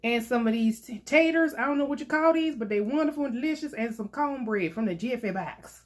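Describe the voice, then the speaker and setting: A woman's voice: on the high side, animated, a little fast, slight background noise. A young woman chatting playfully to her viewers while eating, laughing often as she talks. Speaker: mukbang vlogger. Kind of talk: casual chat while eating.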